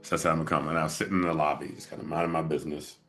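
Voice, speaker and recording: A man hosting an interview, telling a relaxed story in casual chat and laughing often. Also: extremely low pitch, very fast. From moved to LA as an adult. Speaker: podcast host.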